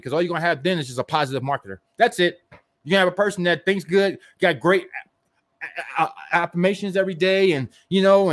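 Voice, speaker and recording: A man who coaches network marketing gives an animated, emphatic motivational rant, firing rhetorical questions at the listener and mocking hype. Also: on the high side.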